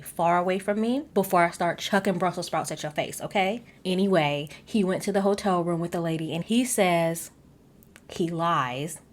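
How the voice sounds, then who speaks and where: A woman casually recapping a reality show episode, sassy and animated, with asides straight to her viewers. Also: on the low side. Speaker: recap vlogger.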